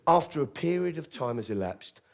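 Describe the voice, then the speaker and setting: A man's voice: fairly high pitch, lively intonation, a little fast. A male comedian from Britain telling a true story on stage in a wry, theatrical way, acting out the other people's lines. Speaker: stand-up comedian. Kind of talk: live storytelling comedy show.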